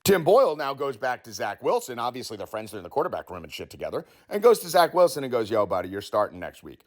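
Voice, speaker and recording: Hosting a sports betting show, a man with a medium-pitched voice talks fast through a comic conspiracy story. He swears heavily and animatedly acts out the quotes.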